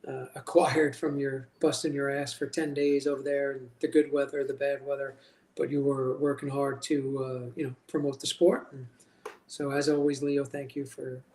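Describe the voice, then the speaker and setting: A man's voice: medium pitch, little pitch movement, moderate pace, darkish tone, reverberant. A man hosting a casual chat show, talking in an upbeat, joking way. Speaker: host.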